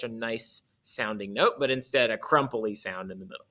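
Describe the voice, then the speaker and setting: A man's voice: mid-range voice, fairly quick, few pauses, sharp tone. A male music teacher explaining articulation in a casual way, correcting himself as he goes and demonstrating on his instrument.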